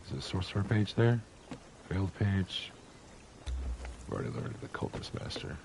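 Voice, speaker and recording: A man with a low, animated voice talks at a normal pace over background noise. He's a gamer doing casual let's play commentary, rambling and swearing as he plays and tossing in wry asides.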